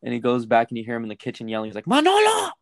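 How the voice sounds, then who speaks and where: A man's voice: mid-range voice, completely flat delivery, racing, gravelly, darkish tone, no room sound. A young man co-hosting a casual podcast, reading facts aloud and rambling into stories, with lots of swearing. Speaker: podcast co-host.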